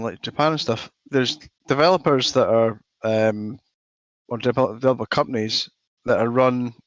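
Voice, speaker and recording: A man's voice: mid-range voice, dry recording. A man in casual chat, hesitant and easygoing, with many fillers. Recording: dull lo-fi voice chat audio.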